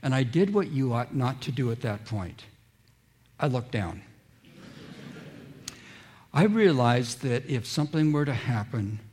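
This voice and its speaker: A man's voice: mid-range voice, darkish tone, slightly rough. A man preaching a sermon, telling stories and acting out quoted voices, drawing listeners in with questions. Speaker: pastor.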